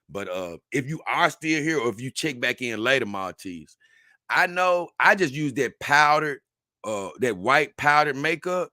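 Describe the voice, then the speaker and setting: A man hosting a casual livestream, reading long lists aloud at an unhurried pace with offhand asides. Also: medium pitch, bright, forceful tone, dry recording, studio quality. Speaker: livestream host.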